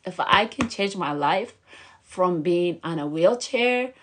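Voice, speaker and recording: A woman's voice: lowish voice, lively intonation, takes it slowly, noisy background. A young woman vlogger talking earnestly and emotionally, encouraging her viewers in a motivational chat. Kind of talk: motivational vlog talk.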